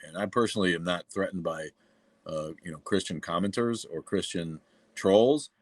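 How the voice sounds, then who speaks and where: A middle-aged man from New England with a New England accent, talking in a very low voice. He hosts a casual livestream, speaking bluntly and profanely with many fillers and restarts. The sound is dry and close. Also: normal speed, no room sound. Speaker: livestream host.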